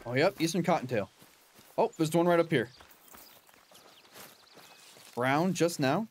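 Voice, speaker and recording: A man's voice: on the high side, animated, unhurried, slight background noise. A young man giving casual, chatty commentary while playing a hunting game, laughing often and talking to his in-game dog. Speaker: gaming channel host.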